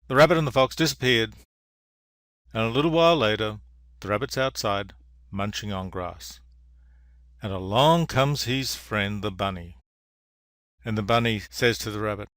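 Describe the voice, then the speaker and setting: A man, an engineering professor, giving a public award lecture in a measured, dry storytelling manner. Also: lowish voice, fairly bright tone, dry recording. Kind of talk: public lecture with a told fable. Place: lecture venue.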